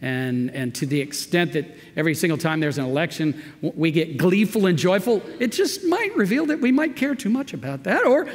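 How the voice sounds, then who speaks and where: Conversational pastor with higher voice. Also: male voice, fairly quick, hardly any pauses. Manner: conversational, emphatic, animated verse reading. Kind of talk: expository sermon. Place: church sanctuary. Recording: long church reverb.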